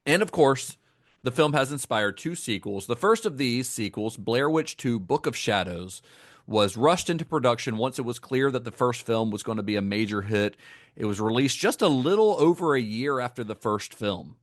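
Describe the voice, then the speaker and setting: A man co-hosting a podcast talks about films casually and enthusiastically in a mid-range, animated voice at normal speed. The studio sound is clean with no echo, and his speech is full of fillers and restarts.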